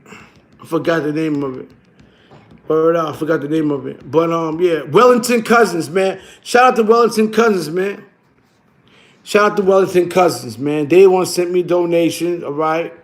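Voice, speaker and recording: A middle-aged man chatting casually on a livestream, animated and slangy, swearing often. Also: on the high side, normal speed. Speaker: livestream host.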